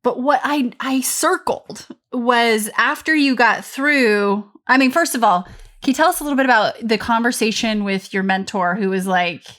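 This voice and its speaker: A woman's voice: on the high side, normal speed, fairly bright tone. A woman hosting an interview, asking questions and cheering her guest on. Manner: encouraging, laughs along. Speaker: podcast host. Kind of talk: conversational interview.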